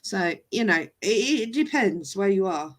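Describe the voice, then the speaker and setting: Woman co-host, lively and chatty, swooping intonation, keeps slipping into accent impressions. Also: medium pitch, unhurried. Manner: chatty, laughs often, mimics regional accents. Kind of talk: casual chat on a live stream.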